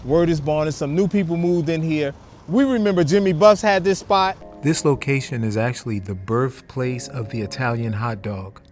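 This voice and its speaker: A man's voice: a little high, normal speed, a little mellow, faint music behind. A man hosting a casual food review vlog, chatting to viewers in laid-back slang outdoors on a windy city street. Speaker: food vlogger host.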